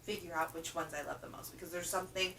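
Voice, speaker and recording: A woman's voice: lowish voice, steady tone, quick pace, creaky, a bit bright. A woman casually chatting through a reading wrap-up, emphatic and repeating words for stress. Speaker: book reviewer. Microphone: camera microphone. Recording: roomy, from a distance with faint hum.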